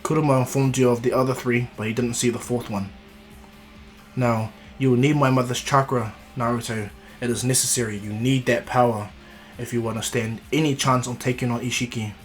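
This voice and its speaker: A wise, ancient sage speaks slowly and gravely, as a man reads him out in a middle-pitched voice, guiding a young hero like a proud father. Faint guitar music plays behind this fan-made storybook telling. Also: steady tone, lightly acted.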